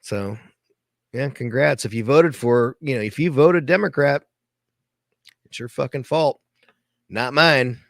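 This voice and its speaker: Crude, rambling man with a gravelly voice. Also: mid-range voice, a little slow, pauses often, dry recording, clean studio sound. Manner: crude, swears constantly, rambling. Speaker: video commentator. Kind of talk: profane reaction commentary.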